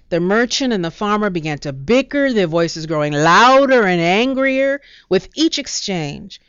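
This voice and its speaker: A woman narrating a storybook in a measured, expressive reading. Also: mid-range voice, clean tone, no room sound, muffled recording.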